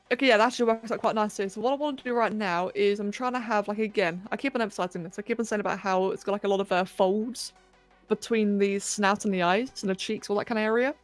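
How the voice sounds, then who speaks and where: Chatty woman hosting a stream. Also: mid-range voice. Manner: chatty, self-mocking, thinks aloud. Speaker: livestream host. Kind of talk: casual chat while sculpting live. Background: faint electronic music.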